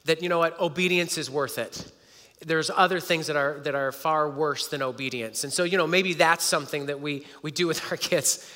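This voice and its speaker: Man, pastor, conversational sermon, bright forceful voice, long hall echo. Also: fairly high pitch, moderate pace. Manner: earnest, conversational preaching with frequent restarts.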